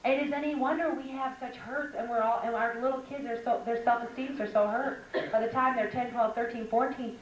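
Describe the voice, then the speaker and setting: Middle-aged woman giving an animated talk, tells stories and does the voices, sounds far off in a big echoey room. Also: fairly high pitch, fairly quick, few pauses. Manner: animated, storytelling, acts out quoted voices. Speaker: speaker at a women's Christian conference. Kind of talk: lively spoken lecture. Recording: echoey hall from a distance with background noise.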